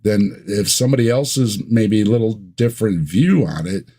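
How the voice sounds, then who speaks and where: A man who is a guest on a casual livestream chat, speaking in a wry, slow and deliberate way with dry asides. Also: lowish voice, lively intonation, warm tone.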